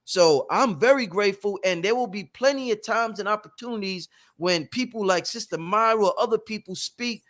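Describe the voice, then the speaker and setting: A man's voice: sits high, normal speed, few pauses, fairly bright tone. A man hosting a spiritual workshop, talking emphatically and bluntly with plenty of swearing and repetition. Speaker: host. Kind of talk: animated workshop talk.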